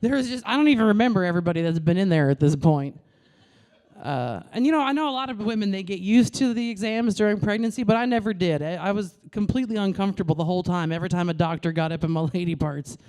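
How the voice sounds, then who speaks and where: A woman comedian in her thirties, originally from New York, doing a brash, crude stand-up routine into a stage mic. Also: medium pitch. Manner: brash, crude, animated punchlines.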